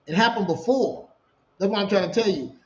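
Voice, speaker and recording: A middle-aged man telling a personal story in casual conversation, animated and repeating himself as he talks. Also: high-pitched, a little fast, a little hiss or hum. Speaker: podcast co-host sharing his story. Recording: roomy, dull lo-fi sound.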